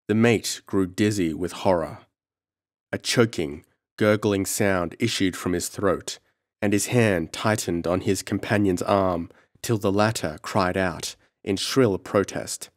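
A man narrating a horror story in a measured, dramatic audiobook reading. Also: low-pitched, no echo, studio quality. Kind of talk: scripted narration.

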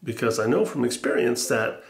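A man vlogging to his camera in a rambling, musing way, slightly out of breath, with wry asides and halting fillers. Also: mid-range voice, reverberant. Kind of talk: rambling casual vlog. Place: room upstairs at home. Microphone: camera mic.

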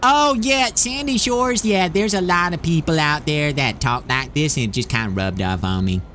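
Excitable rural dimwit, voiced by a man, drawling and rambling, with a swooping, lively pitch. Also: normal speed, soft background music. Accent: rural American drawl, put on. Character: dim-witted rural young man, eager and rambling. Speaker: role-play player. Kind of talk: game role-play.

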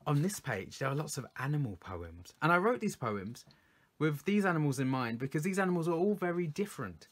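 A poet reading his poems aloud for children, explaining them in an encouraging way. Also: on the high side. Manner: lively, encouraging, explains slowly.

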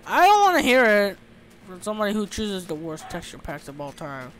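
A young man giving excitable, sweary commentary over his own gameplay, often shouting when startled. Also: high voice, a little fast, slight background noise. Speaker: let's play host.

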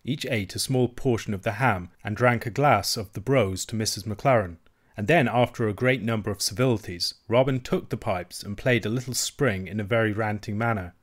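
A man narrating a classic novel as an audiobook reader, with steady, measured reading. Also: fairly low pitch. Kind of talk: scripted narration.

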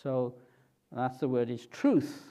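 A man preaching a sermon at a church, asking and answering questions slowly and deliberately. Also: mid-range voice, mellow.

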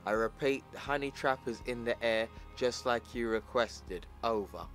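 A man reading a tough military general's lines with slow, blunt orders. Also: medium pitch, fairly bright tone, soft background music, close to an everyday voice. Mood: commanding.

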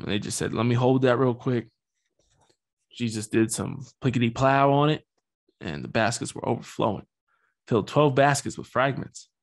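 A young man hosting a podcast, talking through a Bible passage in a casual, joking way full of slang. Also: medium pitch. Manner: slangy, joking, loose and chatty. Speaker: podcast host. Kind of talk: casual Bible-study talk.

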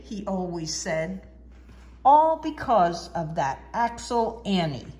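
Expressive woman reading a children's story. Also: mid-range voice, takes it slowly. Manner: expressive, sing-song. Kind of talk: children's book read-aloud.

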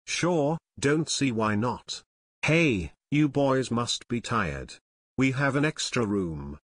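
Male reader putting on gruff storybook fisherman, plain-spoken, kindly, a touch higher. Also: expressive, slow pace, a bit bright, dry recording. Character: gruff adult fisherman, sleepy and friendly.

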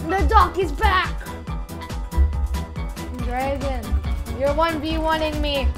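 High-pitched streamer, live gameplay commentary, excitable shouting, unhurried pace. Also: music in the background. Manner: excitable, bursts into hyped shouts and chants. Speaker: livestreaming gamer playing with viewers.

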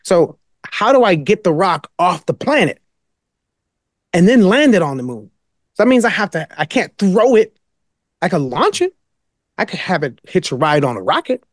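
A man's voice: sits high, big pitch swings, normal speed, pauses often, dry recording, studio quality. A man speaking as a podcast guest, rambling and emphatic in casual storytelling. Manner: rambling, many fillers and restarts, emphatic.

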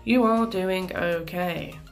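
A woman's voice: fairly low pitch, slow, soft background music. A woman giving chatty, exasperated commentary over a game she is playing, with plenty of mild swearing. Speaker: gaming commentator. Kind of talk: live gameplay commentary.

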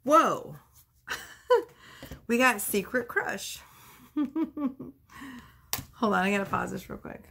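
Gravelly-voiced woman doing a casual tarot reading. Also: a little high, lively intonation, extremely slow, long pauses, bright, forceful tone. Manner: chatty, laughs often, swears casually. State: out of breath. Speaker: tarot reader. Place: at home.

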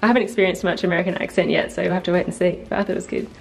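A woman's voice: fairly low pitch, level tone, very fast, creaky, breathy edge. A middle-aged Australian woman hosting a family vlog, chatting to the camera from a hotel room and calling her viewers guys. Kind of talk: casual vlog chat to camera.

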